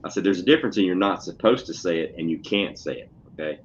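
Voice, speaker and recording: A man's voice: low voice, lively intonation, fast talker. A man, a schoolteacher, telling stories in casual, profane, blunt chat. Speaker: podcast co-host, schoolteacher. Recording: dull lo-fi audio with faint noise.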